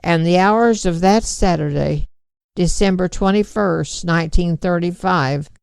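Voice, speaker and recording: A woman reads a story aloud at a very slow, measured pace. Her low voice has a gravelly edge but stays smooth and clear. The recording is dry and close. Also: darkish tone, no echo. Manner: measured, unhurried. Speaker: audiobook reader. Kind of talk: storybook narration.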